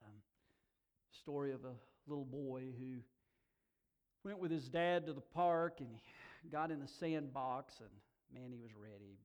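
Unhurried and taking long pauses, a middle-aged pastor with a mid-range voice preaches a sermon. He shares personal stories warmly, drawing laughs and rising to emphatic emotional swells.

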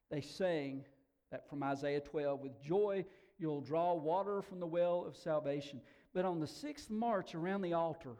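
A man preaching a sermon to a congregation, telling the story dramatically, dropping to hushed whispers and rising to shouts, often repeating words as he restarts. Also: high-pitched. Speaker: pastor. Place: church hall, also broadcast on air.

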